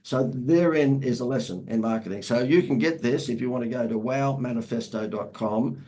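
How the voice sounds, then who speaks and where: A man's voice: mid-range voice, fairly quick, hardly any pauses, mellow, poor audio. A man, a marketing expert talking as an interview guest in a salesy, emphatic way that repeats phrases. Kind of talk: casual interview talk.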